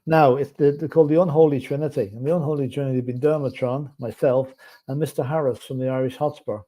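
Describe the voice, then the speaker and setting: Mellow, easygoing man on a stream. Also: mid-range voice, fairly even intonation, fast talker. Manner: easygoing, outspoken, stumbles on words. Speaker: co-host. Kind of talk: casual live-stream chat. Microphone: remote stream call.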